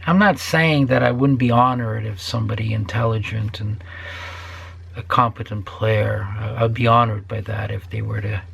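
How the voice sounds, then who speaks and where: A man's voice: fairly low pitch, fairly even intonation, normal speed, creaky, fairly bright tone, a little hiss or hum. An older man who builds guitars, ranting profanely to his viewers and sometimes dropping into a whisper. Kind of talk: ranting vlog to camera.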